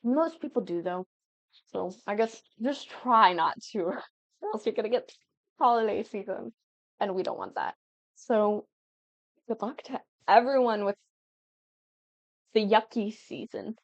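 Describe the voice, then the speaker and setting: A woman's voice: mid-range voice, expressive, unhurried, pauses often, no room sound. Young woman, 19, gaming chatter, giggly and scattered, muffled lo-fi mic, dry sound. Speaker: gaming YouTuber. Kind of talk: casual chat over gameplay. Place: at home.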